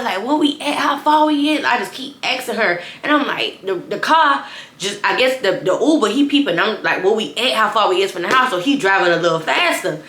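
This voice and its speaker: A woman's voice: on the high side, pushed and bright, slight background noise. A young adult woman telling a personal story to her viewers in a casual storytime. She talks to them directly, often restarting and repeating phrases. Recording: echoey room.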